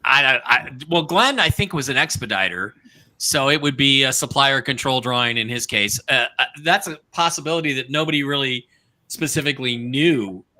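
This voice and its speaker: An older man hosting a live online show, chatting casually and rambling with halting restarts. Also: mid-range voice, animated, bright, forceful tone. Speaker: host.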